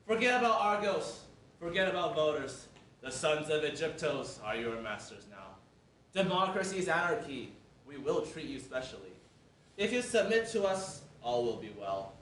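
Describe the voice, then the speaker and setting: A bright-toned, menacing herald, played by a man on stage, drawls out his taunts with a wide, swooping pitch. He is recorded from far back in an echoey hall with faint hiss behind. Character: menacing, mocking male herald who bullies captive women. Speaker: herald of the sons of Egyptos, stage actor. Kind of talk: school stage play performance.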